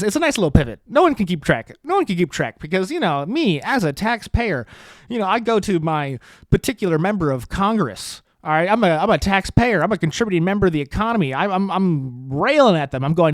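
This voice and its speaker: A man's voice: sits high, big pitch swings, brisk, no echo, studio quality. An American man hosting a solo podcast, talking in a sarcastic, rambling, self-mocking way. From United States. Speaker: podcast host.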